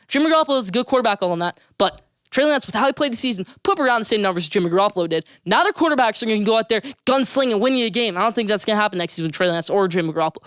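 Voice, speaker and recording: A young man hosting a solo sports podcast, giving rapid, emphatic, opinionated takes and repeating names for emphasis. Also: sits high, a bit bright, no room sound, studio quality.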